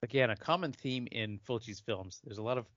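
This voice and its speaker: A man's voice: medium pitch, a little fast, a bit bright, no echo. A man chatting casually about a film as a commentary co-host, rambling and hedging his points. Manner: rambling, hedging, restarting sentences. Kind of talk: casual movie commentary chat. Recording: dry, dull lo-fi audio.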